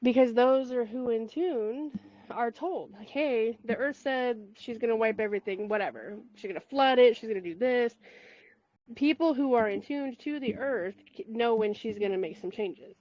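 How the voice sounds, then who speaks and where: Chatty woman with a higher voice on a call. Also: moderate pace, dry recording, highs cut off. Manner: chatty, laughs often, rambling asides. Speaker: host of a spiritual community call. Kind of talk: casual call chat. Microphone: call mic.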